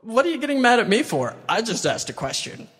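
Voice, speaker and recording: A man voicing an eager young shepherd asking high, incredulous questions. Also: sing-song, fairly quick, a bit bright, exaggerated voice. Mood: indignant. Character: eager young male shepherd, indignant and curious. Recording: long hall reverb.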